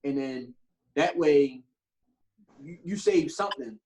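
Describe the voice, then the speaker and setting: A young man talks on a casual podcast, animated and slangy, leaning into his stories with plenty of cursing. His voice sits a little high for a man. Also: slow, a little hiss or hum, rough recording. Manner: animated storytelling with slang and profanity. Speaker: podcast co-host. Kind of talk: casual chat.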